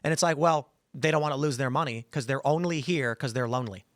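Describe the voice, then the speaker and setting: A man hosting a podcast, telling stories in an animated way and acting out the voices in them. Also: medium pitch, fast talker, dry recording, clean studio sound. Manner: animated storyteller, acts out quoted voices. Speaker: podcast host. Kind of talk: casual talk-show chat.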